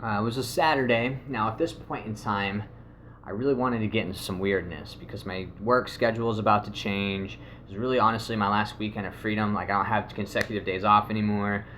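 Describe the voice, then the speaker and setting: A man casually telling a rambling, animated story, swearing often and acting out what people said. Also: on the low side, fairly quick, a little hiss or hum. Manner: rambling, animated, swears a lot, acts out quotes. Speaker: video host.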